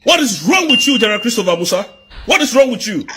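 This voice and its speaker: A man from southeast Nigeria, delivering an angry political rant full of repeated rhetorical questions and bursts of shouting. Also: very high-pitched, big pitch swings, quick pace, a little hiss or hum.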